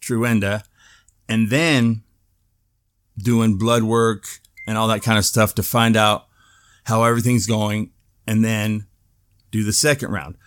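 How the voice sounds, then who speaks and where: This show host has a fairly low, clear, resonant voice and talks slowly with frequent pauses. In his casual video update monologue, he spins a lively story full of swearing and plenty of laughter.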